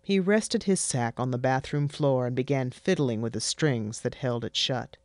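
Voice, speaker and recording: A narrator reading a fantasy story in a wry, deadpan way. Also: medium pitch, moderate pace, no echo. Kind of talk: scripted fiction narration.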